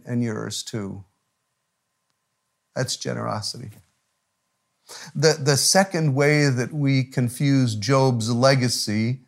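A middle-aged man preaching a sermon as pastor, telling a story with frequent restarts and dropping to a hushed, almost whispered voice at tender moments. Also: mid-range voice.

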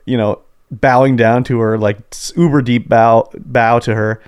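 A man's voice: medium pitch, steady tone, a little slow, a little mellow, clean tone. A man co-hosting a podcast, chatting casually about video games and rambling through stories with lots of "like" and "dude". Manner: rambling, laughing storyteller full of "like" and "dude". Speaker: podcast co-host.

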